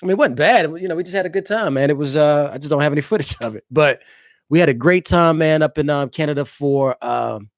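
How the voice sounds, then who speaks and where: A man's voice: a little high, fast, no echo. Chatty man livestreaming from home, dry sound. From eastern United States. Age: adult, married father. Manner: loose and chatty, talks straight to viewers. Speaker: livestream host. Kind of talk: casual live-stream chat.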